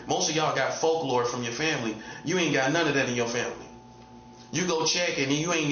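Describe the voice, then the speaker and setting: A man's voice: fairly high pitch, fairly bright tone, roomy sound, highs cut off, a little hiss or hum. A man giving a casual preaching monologue as a self-styled prophet, repeating himself and hammering points home with rhetorical questions.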